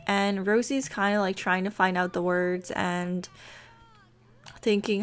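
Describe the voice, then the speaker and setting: A woman's voice: mid-range voice, fairly even intonation, unhurried. Rambling woman narrating a game story. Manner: rambling, full of fillers. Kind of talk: casual storytelling over gameplay.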